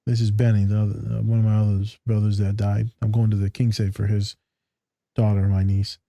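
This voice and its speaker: A man hosting a casual podcast, from Michigan, telling profane, animated stories and acting out quotes. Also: fairly low pitch, brisk, creaky, dry recording. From Michigan, USA. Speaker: podcast host.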